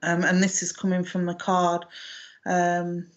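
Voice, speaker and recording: A woman, working as a medium in a live online reading, speaking gently and affectionately with many hesitations and restarts. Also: lowish voice, completely flat delivery, a little slow, lo-fi sound. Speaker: psychic medium.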